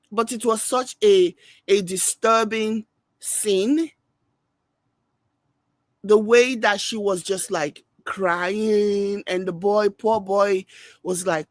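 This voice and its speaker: A woman giving animated reaction-video commentary. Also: medium pitch, no room sound. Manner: animated, mimics people she discusses.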